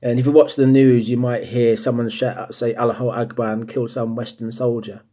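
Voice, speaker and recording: A man from the United States speaks casually, stopping and restarting his sentences with frequent ums. His voice is dark and mellow with a husky edge, pitched in an ordinary middle range. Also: fairly even intonation, normal speed. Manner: hesitant, many ums and restarts. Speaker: vlogger. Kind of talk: casual monologue to camera. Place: England.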